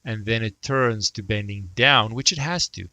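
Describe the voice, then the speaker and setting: A man's voice: lowish voice, normal speed, pushed and bright, no room sound, highs cut off. A man teaching math, thinking aloud and muttering to himself as he sketches a graph. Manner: self-talk, mutters, jokes about praising himself.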